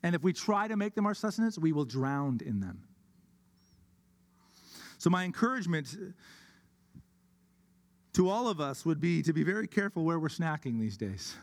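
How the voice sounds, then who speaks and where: A man delivers a sermon from the pulpit, earnest and deliberate, stretching out his key words. His voice sits a little higher than most men's. The long reverb of a church hall trails after every phrase. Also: very animated. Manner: earnest, slows down for emphasis. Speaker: pastor.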